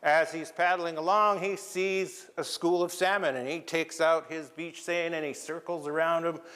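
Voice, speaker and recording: A male storyteller with a slightly high voice tells a traditional tale to a live audience in a lecture hall. He keeps it lively and engaging and turns to the listeners with friendly asides. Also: normal speed.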